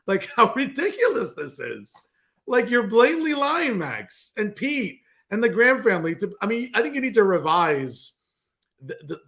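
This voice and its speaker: A man with a New Jersey accent hosts a political commentary show. He rants with open sarcasm and scoffing disbelief. His voice sits high for a man and swings widely in pitch. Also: fairly bright tone.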